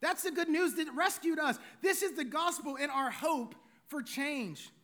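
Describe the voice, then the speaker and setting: A man's voice: very high voice, measured pace, sharp tone. A middle-aged man, preaching a sermon in a conversational way, full of rhetorical questions. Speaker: pastor.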